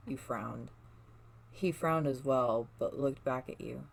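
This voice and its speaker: A storyteller reading a second-person fan story aloud, soft-spoken, with small slips and restarts. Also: medium pitch, steady tone, a little slow, vocal fry, poor audio. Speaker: fan fiction reader.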